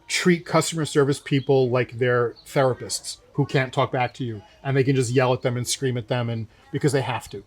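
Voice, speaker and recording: A young man, co-host of a show, casually telling a story and acting out the people in it with lively quotes. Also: mid-range voice. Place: winery.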